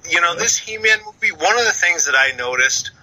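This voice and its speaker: Calling a podcast's voicemail, a thirty-something man from around Boston rants profanely and emphatically, running through a list of points. His high voice is animated, bright and forceful, and he talks a little fast over the phone line.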